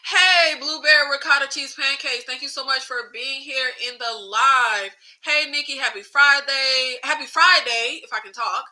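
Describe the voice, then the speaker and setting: A woman hosting a casual livestream chat, animated, swearing freely and reading out viewer comments. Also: high voice, normal speed, few pauses, rough recording. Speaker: YouTube host.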